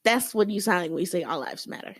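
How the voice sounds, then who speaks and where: A woman's voice: fairly low pitch, lively intonation, fast talker, husky, no room sound. Earnest woman making her case. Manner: earnest, persuasive. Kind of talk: faith-based podcast chat.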